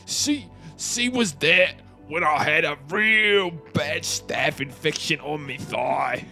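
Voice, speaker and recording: Man, high bright voice, playful, mock-hurt, improvised role-play, faint music behind. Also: slow pace, gravelly. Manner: playful, mock-wounded, bursts of loud laughter. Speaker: player voicing a character.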